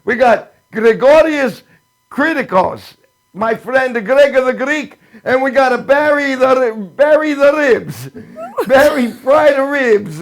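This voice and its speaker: A man's voice: very high-pitched, full character voice. A man playing a jolly old-country Italian pizza maker with an Italian accent, speaking broken English and laughing at his own jokes. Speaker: show opener.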